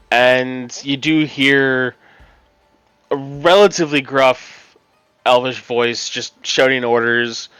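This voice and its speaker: A man running a tabletop game as game master, narrating quickly and casually. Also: medium pitch, fairly bright tone, clear, resonant tone, no echo, poor audio.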